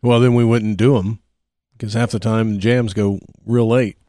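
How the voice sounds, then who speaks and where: A man co-hosting a podcast, playful and jokey, a bit tipsy and pausing with fillers. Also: on the low side, fairly even intonation, warm tone, no echo, studio quality. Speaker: podcast co-host. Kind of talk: casual banter.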